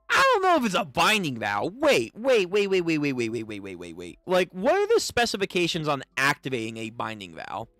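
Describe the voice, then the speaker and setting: A man's voice: a little high, bright, forceful tone, no room sound. A man reading manga chapters aloud and reacting in casual, profane commentary, stammering and restarting as he talks.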